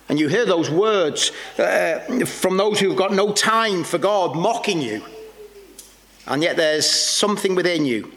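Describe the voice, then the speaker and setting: Man, preacher, sermon, earnest and halting, fairly high voice, long echoing reverb. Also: animated, fairly bright tone. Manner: earnest, searching delivery with many halting repeats. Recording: long reverb with faint background noise.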